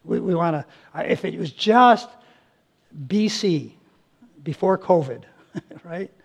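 A man's voice: high voice, lively intonation, slow pace, gravelly, husky. A middle-aged male pastor preaching a sermon, emphatic, repeating phrases and restarting his sentences.

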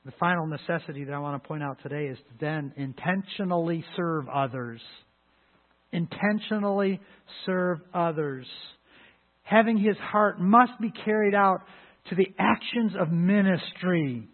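A pastor preaching a sermon, talking emphatically with frequent restarts and sudden loud rises. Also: male voice, a little high, moderate pace. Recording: phone-like lo-fi line.

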